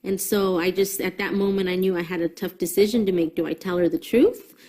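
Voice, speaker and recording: A woman's voice: fairly low pitch, steady tone, a little fast, mellow. A mother in a documentary interview, telling a family story in an earnest, reflective way.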